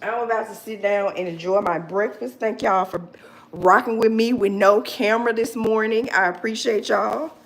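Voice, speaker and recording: A woman's voice: medium pitch, steady tone, moderate pace. A woman in her forties hosting a casual live chat, who laughs often and answers viewers by name. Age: 40s.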